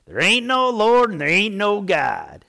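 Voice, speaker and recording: A man voicing a grouchy old male neighbor yelling over the fence with a gruff, folksy drawl. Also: high voice, huge pitch swings, unhurried, pitched above the performer's own voice, full character voice.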